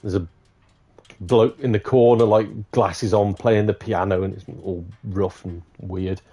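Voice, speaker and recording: A man's voice: lowish voice, unhurried, slightly rough, lo-fi sound. A man on a live gaming stream, telling jokes casually, swearing and laughing at his own punchlines. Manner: swearing, laughing, animated storyteller.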